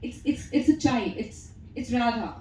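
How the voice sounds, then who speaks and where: A chatty woman with an Indian English accent answers press questions, telling stories with frequent laughs. Her voice sits a little high. The sound carries the echo of a hall over faint background noise. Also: animated, normal speed, dark tone, recorded from a distance. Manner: chatty, storytelling, laughs often. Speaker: actress at a press meet.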